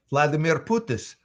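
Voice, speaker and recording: This male voice actor, doing a live signing, has a slightly high and a bit bright voice. Chuckling often, he chats casually, reads fans' questions aloud from the chat and tells stories.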